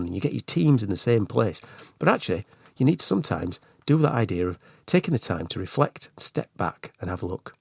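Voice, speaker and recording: A man talks through his solo management podcast, chatty and earnest, dropping in asides. His voice sits fairly low, and the close, dry recording puts him right at your ear. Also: vocal fry, darkish tone, dry recording. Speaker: podcast host.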